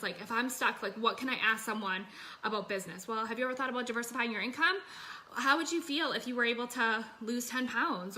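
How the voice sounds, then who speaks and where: A woman's voice: on the high side, sharp tone. A woman business coach talking casually and energetically to her online group from her phone, full of fillers and "you guys".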